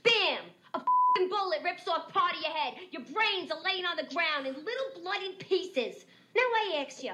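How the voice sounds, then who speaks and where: A brash, fiery young woman from a film, with a high, piercing, bright voice. She has a Northeast US accent and drives her lines home sharply and emphatically. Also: animated, moderate pace, heavily acted. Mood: heated. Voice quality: sharp, emphatic, swearing freely. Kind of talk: film dialogue.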